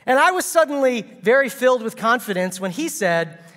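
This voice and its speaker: A man's voice: very high voice, very animated, normal speed, a bit bright, big-room sound. A man preaching a sermon as a guest speaker, telling a funny story with playful asides and comic timing.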